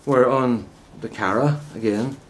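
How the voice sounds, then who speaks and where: This gardening vlogger is an older man chatting loosely to camera as he tends his vegetable plot outdoors, chummy and meandering, with plenty of restarts and side remarks. His pitch is medium and his pace a little slow, against slight background noise.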